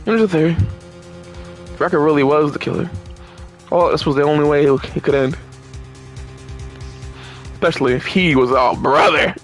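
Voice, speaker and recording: A man's voice: on the high side, moderate pace, long pauses, soft background music. A man playing through a game and reacting to it in casual commentary, with exasperated, profane rants and stumbling restarts. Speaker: gamer reading and reacting to game dialogue.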